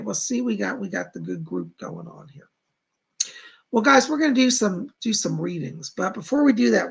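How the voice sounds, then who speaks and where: A man's voice: high-pitched, gravelly, slightly rough. A middle-aged man hosting a psychic live stream from home, chatting casually and reading out viewer comments. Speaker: psychic livestream host.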